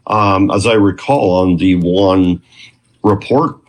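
A man from Canada, a guest telling a long story in an interview, animated and quoting what others said to him. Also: low voice, slow pace.

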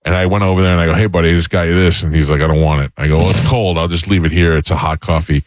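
A man hosting a radio talk show, telling stories quickly and acting out the people in them. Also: low-pitched, steady tone, dry recording. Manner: quick, storytelling with acted quotes. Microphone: studio mic.

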